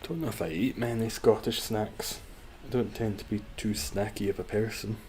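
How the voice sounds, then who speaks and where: Man, live game streamer, chatty and sweary, lowish pitch, faint room hum. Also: normal speed, darkish tone. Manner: chatty, sweary, reacts to chat and gameplay.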